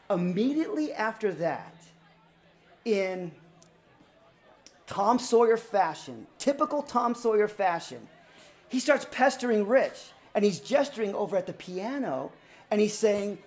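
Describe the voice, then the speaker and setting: A woman tells a personal story as a performance, dramatic and lively. She rises to loud, excited peaks and drops to hushed, near-silent passages. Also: medium pitch, unhurried. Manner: animated, dramatic, swings between loud and hushed. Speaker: student storyteller.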